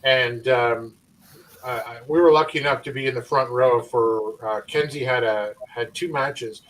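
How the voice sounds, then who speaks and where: A man hosting a wrestling podcast, chatting in a relaxed, hesitant way with lots of fillers. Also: mid-range voice, unhurried, recorded from a distance, slight background noise, poor audio. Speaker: podcast host. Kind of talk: casual podcast chat.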